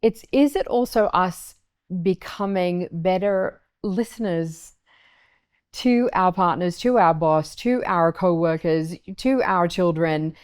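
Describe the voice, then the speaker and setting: A woman interviewer asking long, searching questions, pausing and restarting as she forms them. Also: on the low side, smooth. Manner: hesitant, restarts while forming questions.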